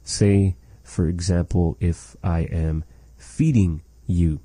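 A man teaching a language lesson, slowly and patiently repeating words for a learner. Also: low-pitched, steady tone, dark tone, dry recording, poor audio.

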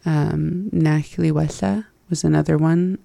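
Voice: medium pitch, steady tone, measured pace, vocal fry, dark tone, no echo. A learner reviewing phrases from a language lesson, hesitant and laughing at their own slips.

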